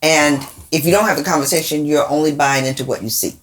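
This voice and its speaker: Woman, low voice, podcast co-host, emphatic, pointed questions. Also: fairly even intonation, quick pace. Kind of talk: casual conversation.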